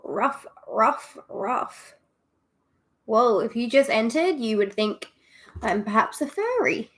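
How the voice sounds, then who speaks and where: A woman's voice: fairly high pitch, big pitch swings, normal speed. A young Australian woman chatting casually with viewers on a livestream, giggly and self-deprecating. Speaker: streamer.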